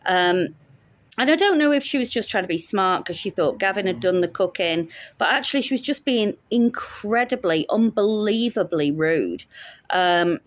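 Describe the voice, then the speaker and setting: A woman's voice: medium pitch, lively intonation, moderate pace, dry recording. A woman telling a story in a casual vlog, wry and sarcastic. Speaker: teacher.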